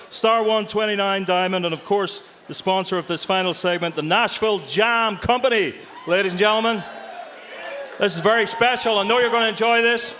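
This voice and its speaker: A man's voice: high voice, fairly bright tone, slight background noise. A man announcing from the podium at a live concert show, joking and chatty. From Northern Ireland. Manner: jokey, chatty. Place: live concert stage with audience.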